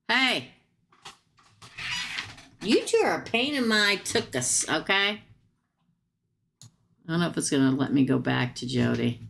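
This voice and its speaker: A woman's voice: low-pitched, vocal fry. A woman reading tarot cards on a live stream, chatting straight to her viewers in a casual, blunt way with slangy asides. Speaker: tarot reader.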